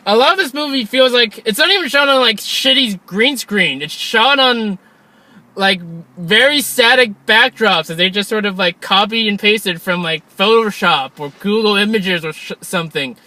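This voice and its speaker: A man's voice: high-pitched, expressive, normal speed, bright, forceful tone, dry recording. A young man co-hosting a casual film review chat, rambling and leaning on "like" with frequent restarts. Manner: rambling, fills with "like" constantly, restarts a lot. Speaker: podcast co-host.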